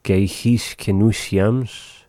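A man teaching words of a language in a relaxed, chatty way, repeating each word slowly. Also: fairly low pitch, dry recording. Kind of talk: casual language lesson.

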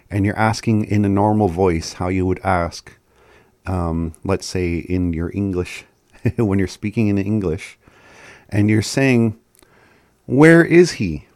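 Man, radio host, slow and relaxed, chuckles a lot, dry close sound. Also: on the low side, no echo. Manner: relaxed, chuckles often, repeats phrases slowly. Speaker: radio host teaching a phrase of the day. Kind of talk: casual community radio talk.

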